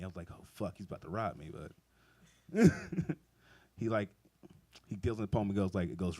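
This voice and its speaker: A man's voice: low voice, moderate pace, long pauses, dark tone. A young man doing a stand-up comedy set, telling rambling, profane stories and laughing often. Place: outdoor backyard show.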